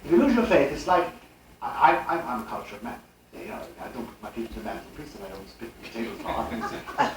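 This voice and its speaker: Older male lecturer, animated and rhetorical; distant room mic, heavy echo, faint hiss. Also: medium pitch, fast talker. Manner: animated, rhetorical, chuckling asides. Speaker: speaker. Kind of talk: live religious lecture. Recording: old live tape, distant and echoey.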